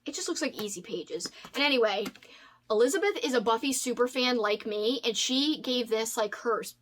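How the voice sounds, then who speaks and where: A woman's voice: fairly high pitch, lively intonation, moderate pace. A woman in her thirties chatting casually on a home vlog, gushing and rambling as she unboxes book mail. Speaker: booktuber.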